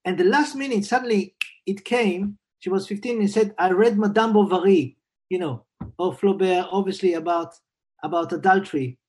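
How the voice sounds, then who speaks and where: A man's voice: high voice, slight background noise. Thoughtful man in his sixties telling a story. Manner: thoughtful, unhurried, with frequent repeated words. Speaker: psychiatrist and Jungian analyst. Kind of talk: reflective personal storytelling.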